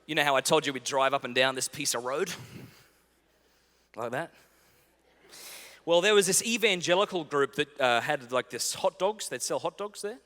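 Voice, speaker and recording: Speaking a little high at a moderate pace with frequent pauses, this keynote speaker, a man in his thirties, tells comic stories and performs bits of dialogue with lots of animation. His humorous storytelling talk takes place in a large conference hall, where the sound carries a long reverb.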